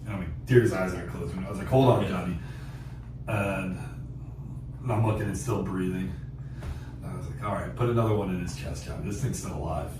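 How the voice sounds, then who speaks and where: A man hosting a podcast, telling a hunting story in a casual, animated way, laughing often and acting out what people said. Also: deep voice, brisk, pauses often. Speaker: podcast host. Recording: echoey distant mic with background noise.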